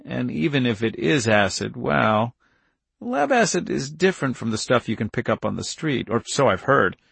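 A man's voice: mid-range voice, sing-song, normal speed, creaky, a bit bright, slightly rough, dry recording, heavily acted. A man doing an easygoing young college guy. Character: young male undergrad, easygoing and wry.

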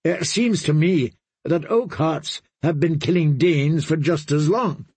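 A man's voice: on the high side, measured pace, darkish tone, husky, no room sound, pitched above the performer's own voice. A man reading an audiobook, voicing a proud young princess who speaks in a poised, persuasive way.

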